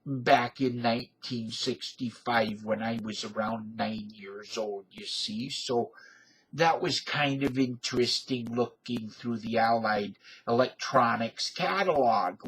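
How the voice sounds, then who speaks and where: Husky fiftysomething guy rambling slow and folksy, lots of uhs and side tracks. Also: mid-range voice, fairly bright tone, poor audio. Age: 50s. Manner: folksy, digressive, filler-heavy. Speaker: video blogger. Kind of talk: rambling casual monologue.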